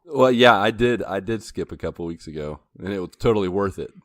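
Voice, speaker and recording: A man's voice: deep voice, lively intonation, fairly quick, dry recording, studio quality. A man co-hosting a casual comedy podcast, tossing in wry quips and jokey asides. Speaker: podcast co-host.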